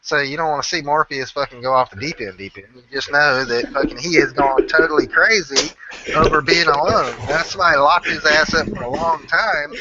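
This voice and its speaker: A man's voice: on the high side, normal speed, a loud crowd. Profane rambling man with a country accent. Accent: Southern US country. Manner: rambling, profane, swears constantly. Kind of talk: casual profane chat. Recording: dull lo-fi audio.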